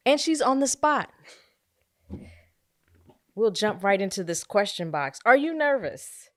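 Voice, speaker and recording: A woman's voice: medium pitch, sing-song, unhurried. A woman hosting a community interview show, upbeat and enthusiastic as she introduces her guest. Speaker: interview host. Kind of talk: casual interview.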